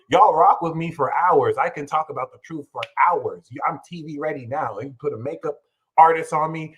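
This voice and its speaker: American male astrologer host, fairly high voice, slangy and emphatic, loud rants. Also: moderate pace, husky, low-quality recording. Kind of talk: animated livestream astrology talk.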